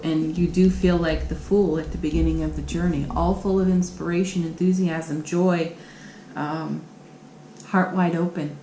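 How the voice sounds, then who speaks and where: A woman's voice: on the low side, mellow, a little hiss or hum. A woman giving a tarot card reading on her channel, speaking in an encouraging, affirming way. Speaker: tarot reader. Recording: echoey room with faint ambience.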